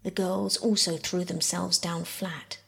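A woman reading a classic children's story aloud as a soft bedtime audiobook, often half-whispering. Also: lowish voice, little pitch movement, measured pace, vocal fry, husky. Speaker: audiobook narrator.

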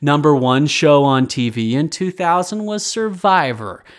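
A man's voice: fairly high pitch, unhurried. A man in his twenties hosting a history podcast, chatty and rambling, often correcting himself and sounding a bit tired late at night. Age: 20s. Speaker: podcast host. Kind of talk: casual history podcast talk.

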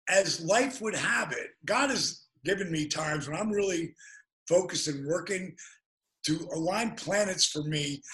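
A man telling animated stories as an interview guest, with quick restarts. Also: a little high, poor audio. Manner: animated, fast-moving storyteller with restarts. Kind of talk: interview storytelling.

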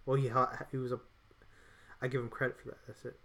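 Guy rambling on a podcast, mid pitch, keeps restarting his sentences. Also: little pitch movement, fast talker, vocal fry, sharp tone. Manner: rambling, loose, with many restarts. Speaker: podcast co-host. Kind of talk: casual chat.

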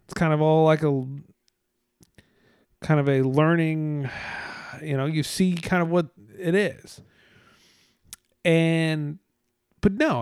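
A man's voice: a little high, a little mellow, smooth, no room sound, studio quality. A man talking casually in a rambling way, swearing a lot and full of fillers, sounding tired. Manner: rambling, profane, frequent fillers.

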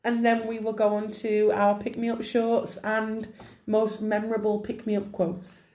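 A woman co-hosts a loose podcast chat, brisk and teasing as she moves the talk along. Her voice sits at a middle pitch. The room adds a clear echo. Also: completely flat delivery, warm tone. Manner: brisk, teasing, steers the conversation. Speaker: podcast co-host. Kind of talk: casual chat. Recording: roomy, echoey room sound.

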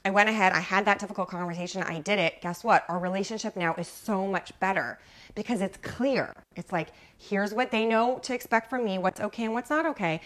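A woman's voice: medium pitch, fairly quick, fairly bright tone. A woman hosting a live coaching talk for mothers, chatty, often asking "right?" and greeting viewers by name. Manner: chatty, keeps asking "right?" and uses lots of "like". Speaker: mom life coach hosting a live show.

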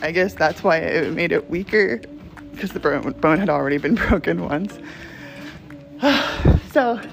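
A woman telling a casual storytime to camera, animated, laughing often and swearing freely. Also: fairly low pitch, low-quality recording.

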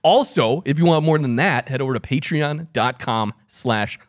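Male podcast co-host: mid pitch, expressive, joking manner, dry close recording. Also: moderate pace, no room sound. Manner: easygoing, joking. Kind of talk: casual chat.

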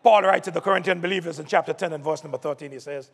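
A man preaching a sermon, calling out to the congregation and building up to shouts. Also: a little high, rapid-fire, vocal fry, hardly any pauses, slightly rough. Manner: call-and-response preaching, rising to shouts. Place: church sanctuary. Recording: long hall reverb.

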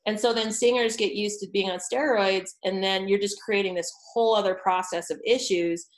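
A woman voice coach chatting on a podcast, telling lively stories and acting out what she said to clients. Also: medium pitch, normal speed, rough recording. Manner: animated storyteller, acts out quotes. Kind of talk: casual podcast chat.

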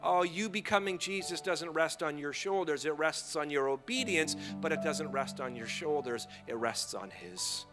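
A man preaching a sermon, drawing the congregation into call-and-response and moving between hushed, slow passages and loud, rising ones. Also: fairly high pitch, over music. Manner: playful asides to the audience. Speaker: pastor.

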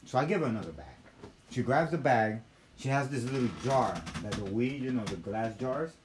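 A young man, host of a talk show, telling a story in a casual, animated, profane way. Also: medium pitch, normal speed, background noise.

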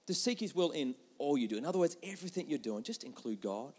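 A man preaching a sermon, earnest and acting out prayers, swinging between loud outbursts and hushed moments. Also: on the high side, expressive, fast talker, breathy edge. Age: adult parent. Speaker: pastor.

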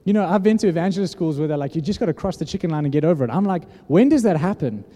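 Man, preacher, animated storyteller, dark mellow tone, long hall reverb. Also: on the high side, rapid-fire. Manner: animated storytelling, acts out dialogue. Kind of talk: sermon.

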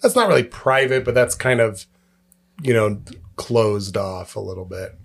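A man co-hosting a podcast in casual chat, animated and quick to laugh, often acting out voices. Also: fairly low pitch, vocal fry. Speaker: podcast co-host.

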